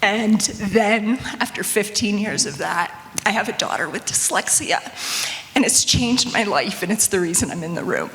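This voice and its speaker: A woman's voice: mid-range voice, animated, moderate pace, a bit bright, a little hiss or hum. A woman speaking as a parent advocate in an audience, earnest and emotional, her voice close to tears. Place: conference hall. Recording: long reverb of a large hall.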